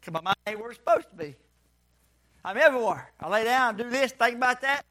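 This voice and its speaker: A man preaching a sermon to a church congregation, folksy and calling for responses, sometimes shouting. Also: very high-pitched, expressive, fast talker.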